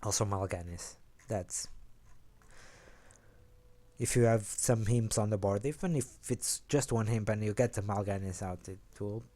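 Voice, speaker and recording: A man's voice: measured pace, warm tone. A young man casually rambling through an explanation of his card game deck, correcting himself as he goes. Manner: rambling, self-correcting, low-key.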